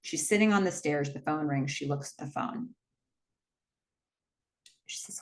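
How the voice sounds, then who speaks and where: A woman's voice: sits low, normal speed, long pauses. Chatty woman recapping a scary movie. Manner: chatty, retells scenes with hushed quoted dialogue. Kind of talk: casual film recap narration.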